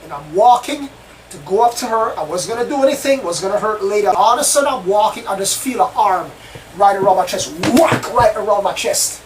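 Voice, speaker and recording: A man with a high voice tells a story in the first person, rambling and repeating himself as he goes. He sits some way from the mic, and faint noise hums behind him. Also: expressive, brisk, distant mic. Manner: rambling, repetitive retelling. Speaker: channel host.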